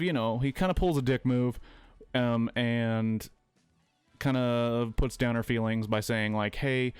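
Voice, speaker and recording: A man's voice: mid-range voice, clean tone, dry recording. A man casually retelling a film for laughs while he plays a video game at home, rambling, swearing and correcting himself as he goes. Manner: profane, rambling, corrects himself mid-sentence. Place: his apartment.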